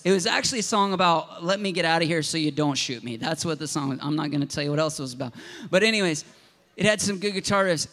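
A pastor from Southern Ohio preaching a sermon and mixing scripture with personal stories. His voice sits high for a man and has a bright, forceful ring. He talks in an impassioned, conversational way.

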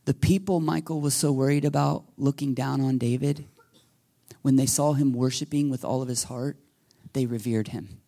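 A man preaching a sermon as pastor, telling a story with lively quoted voices and sometimes dropping to a whisper. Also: mid-range voice, normal speed, vocal fry. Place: church sanctuary.

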